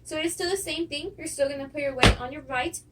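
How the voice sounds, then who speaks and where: A woman's voice: high-pitched, quick pace. A young woman teaching a folk dance lesson, counting steps aloud, with small laughs and fillers. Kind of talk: instructional lesson. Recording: distant mic with clear noise.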